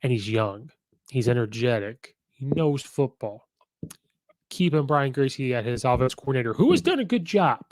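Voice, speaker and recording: A man's voice: mid-range voice, sing-song, normal speed, darkish tone, no room sound, rough recording. A man hosting casual football commentary, chatty and opinionated, acting out quotes as he goes.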